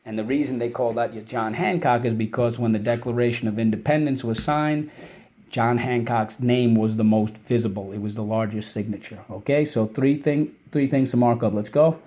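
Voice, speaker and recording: A man's voice: medium pitch, steady tone, moderate pace, warm tone. Encouraging male teacher drilling spelling words. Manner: encouraging, drilling call-and-response; clear, patient explaining. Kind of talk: spelling and vocabulary lesson for kids.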